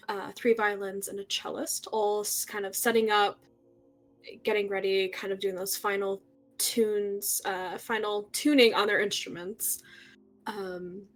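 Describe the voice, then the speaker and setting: A woman running a tabletop horror game, describing the scene slowly and unhurriedly. She fills her narration with pauses and fillers. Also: medium pitch, little pitch movement. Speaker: game master.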